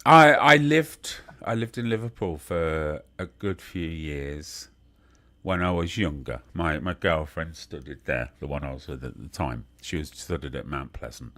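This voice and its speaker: A man's voice: very deep voice, measured pace, fairly bright tone. An older man chatting casually who often repeats his words as he searches for them, and laughs easily. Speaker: guest. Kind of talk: casual chat.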